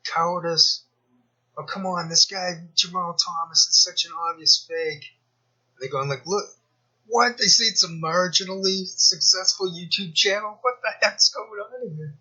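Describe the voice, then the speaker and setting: A slightly high-pitched man talks in a sharp, bright, husky voice, rambling through sarcastic commentary and mocking asides. The sound is dull and lo-fi, like a cheap home microphone. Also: normal speed. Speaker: commentary YouTuber. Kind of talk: rambling screen-share commentary.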